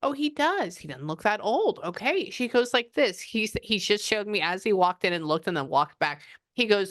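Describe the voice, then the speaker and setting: A woman's voice: lowish voice, lively intonation, normal speed, dry recording, clean studio sound. A woman psychic medium giving a client reading, chatting and often quoting the spirit's messages.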